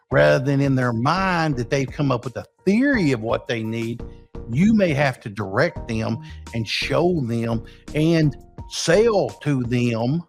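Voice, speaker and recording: A man's voice: mid-range voice, creaky. A man, a business coach giving blunt, profane advice in a rambling, casual talk.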